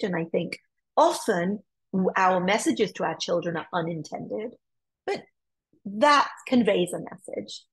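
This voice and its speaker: A woman child psychologist speaks to parents in a webinar, explaining her points over a computer mic and acting out little dialogues along the way. Her voice carries a gravelly fry and a husky, slightly rough edge. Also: medium pitch, poor audio. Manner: explanatory, with acted-out example dialogues. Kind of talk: lecture to parents.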